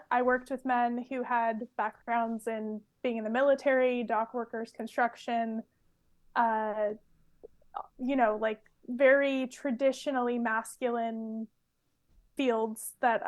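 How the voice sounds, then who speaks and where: A woman in her twenties from California talks casually as a podcast guest. Her voice sits a little high. She tells stories in a loose, chatty way, full of fillers and easy laughs. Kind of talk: casual interview chat.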